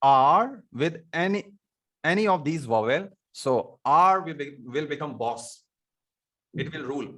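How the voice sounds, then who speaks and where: A man's voice: a little high, lively intonation, unhurried, sharp tone. A man with an Indian accent teaching an online English class, repeating himself and stopping often to quiz his students. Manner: repetitive, stops to ask students questions.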